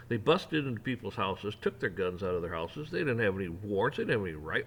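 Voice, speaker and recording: A man in the middle of a fired-up rant, voice at an ordinary middle pitch. He jabs at authority, slips into sarcastic mimicry of officials, and keeps climbing in force as he goes. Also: sing-song, quick pace, few pauses, slightly rough. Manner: heated, mocking, rising to near shouting at peaks. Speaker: rant channel host. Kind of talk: opinion rant to camera.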